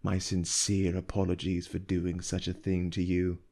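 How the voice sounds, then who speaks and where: A man reading aloud and voicing a cold, calculating noblewoman who speaks slowly and quietly with open disdain. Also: deep voice, completely flat delivery, vocal fry. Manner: slow, hushed, icy and disdainful.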